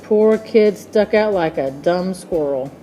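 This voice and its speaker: A woman reading a children's book aloud in a slow, expressive storytelling manner. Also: on the low side, faint music behind.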